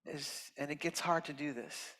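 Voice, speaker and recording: A man giving a heartfelt, expressive inspirational talk as a guest speaker at a temple, swinging from loud emphasis to soft near-whispers. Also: a little high, moderate pace. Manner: earnest and heartfelt, tearful at moments. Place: temple sanctuary. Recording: reverberant hall.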